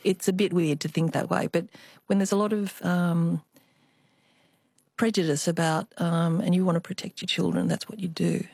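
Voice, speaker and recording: A woman's voice: lowish voice, fairly even intonation, moderate pace, creaky, darkish tone, slightly rough, dry recording, clean studio sound. An older woman, an artist, telling family stories as a guest in a radio interview. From Australia. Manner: reflective storytelling, with small restarts.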